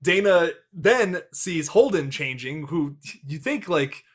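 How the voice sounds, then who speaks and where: A man's voice: a little high, animated, slow, breathy edge. A young man hosting a casual film review podcast, rambling and crude, laughing often at his own jokes. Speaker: podcast host.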